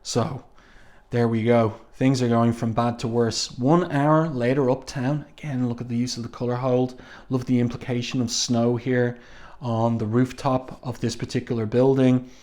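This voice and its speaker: Man, comic reviewer, casual read-through, halting, unhurried asides. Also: medium pitch, steady tone, darkish tone. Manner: halting, with many ums and slow admiring asides.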